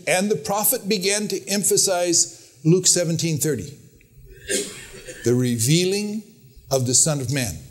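An older man delivers a sermon, telling stories and quoting others. He's earnest and emphatic, and his pitch rises whenever he quotes someone.

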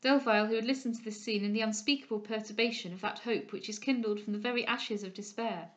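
Expressive woman reading a classic novel. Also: a little high. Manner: measured, expressive. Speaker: audiobook reader. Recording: dull lo-fi recording.

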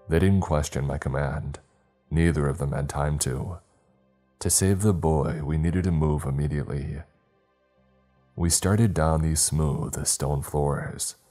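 Male horror narrator, extremely low voice, steady measured read, faint music underneath.

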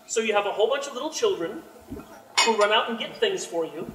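Brief: high, animated male storyteller at a convention talk, distant mic in a roomy hall. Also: quick pace, slight background noise. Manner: storytelling, joking, expressive. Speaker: game designer speaking at a fan convention. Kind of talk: animated talk to a live audience.

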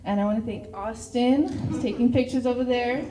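A woman's voice: a little high, normal speed, background noise. A teenage girl with a Texan accent, a cheer captain giving a nervous, tearful thank-you speech. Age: teens. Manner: nervous, tearful, laughing between words. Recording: echoey room.

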